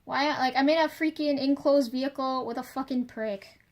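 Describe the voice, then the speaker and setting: A young woman with a fairly high voice, talking straight to the camera in a loose, rambling vlog rant. She swears freely and leans on fillers, restarting her thoughts as she goes. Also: moderate pace. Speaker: vlogger. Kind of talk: casual confessional rant.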